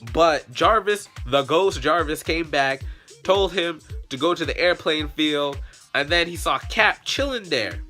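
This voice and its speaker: A young man vlogger telling a comic story in a slangy, profane, animated way. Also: on the high side, measured pace, soft background music.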